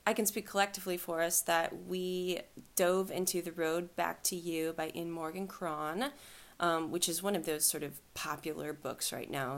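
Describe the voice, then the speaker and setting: Rambling woman co-host, lowish voice. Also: gravelly. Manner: rambling, many fillers, laughs often. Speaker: podcast co-host. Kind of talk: casual podcast chat.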